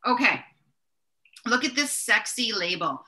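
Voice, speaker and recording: A woman co-hosts a casual tasting chat about wine, speaking at a measured pace in a slightly high, very animated voice with a sharp edge. Chatty and self-correcting, she gets excited about the labels.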